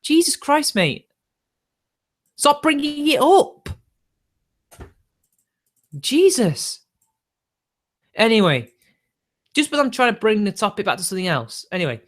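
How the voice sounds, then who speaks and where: Man, livestreamer, casual rambling chat, quick to get annoyed. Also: high-pitched, sing-song, fairly bright tone. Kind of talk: casual live-stream chat.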